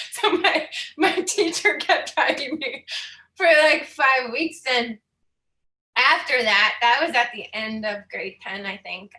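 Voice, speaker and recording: A woman's voice: on the high side, sharp tone, roomy sound. A woman in her thirties from Saskatchewan, giving a candid, chatty personal talk as a guest speaker, laughing often and moved at times. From Saskatchewan, Canada.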